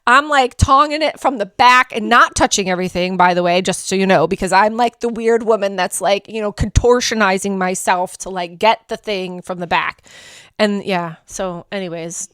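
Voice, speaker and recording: A woman hosting a travel vlog, telling her trip story in a chatty, animated way, poking fun at herself and laughing often. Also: mid-range voice, moderate pace, smooth, no echo, clean studio sound. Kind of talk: casual storytelling review.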